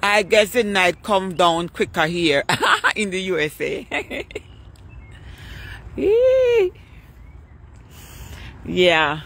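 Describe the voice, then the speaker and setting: Walking along a street at night, an older vlogger chats casually on her live stream, relaxed as she greets viewers by name and asks them questions. Her voice is bright yet fairly low in pitch and creaky, and she speaks slowly.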